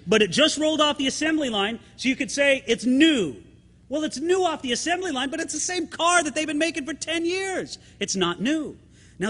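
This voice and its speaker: A man's voice: very high-pitched, fairly bright tone. A middle-aged man preaching a sermon as pastor, speaking emphatically and calling the congregation friends with rhetorical questions. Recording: long hall reverb.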